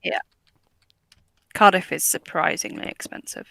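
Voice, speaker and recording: A woman's voice: measured pace, pushed and bright, no room sound. A woman co-hosting a casual livestream, chiming in with wry, chatty remarks. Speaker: stream co-host.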